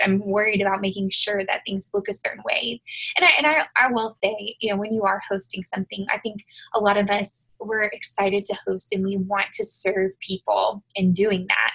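Breathy woman giving a casual devotional talk. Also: medium pitch, fairly bright tone, low-quality recording. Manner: conversational, frequent fillers and tag questions. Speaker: devotional speaker. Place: her living room at home. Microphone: video call.

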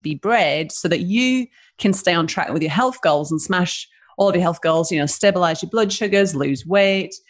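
Northern English woman, business founder guest, chatty and laughing, lower-pitched voice. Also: moderate pace, few pauses. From northern England. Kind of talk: casual interview chat.

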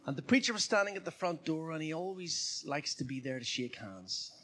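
A man's voice: on the high side, lively intonation, fairly quick, fairly bright tone. A man preaching a sermon in church in a conversational way, often putting questions to the congregation. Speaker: pastor.

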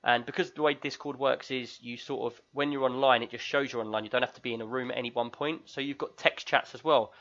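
A man's voice: medium pitch, steady tone, fast, hardly any pauses, fairly bright tone. A man with a London accent hosting a podcast in casual chat, joking and reading listener reviews aloud. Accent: London English. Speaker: podcast host. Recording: tinny lo-fi mic.

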